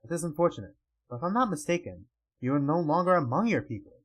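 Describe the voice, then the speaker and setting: A man voicing a composed female ruler who speaks in a measured, formal way. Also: on the high side, big pitch swings, fairly bright tone, pitched below the performer's own voice, poor audio. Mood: gracious.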